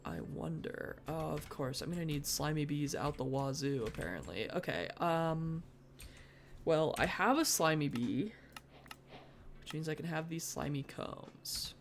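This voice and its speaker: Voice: mid-range voice, animated, unhurried, a little hiss or hum. A streamer thinking aloud through live gameplay, with mock-dramatic bursts of frustration. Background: faint background music.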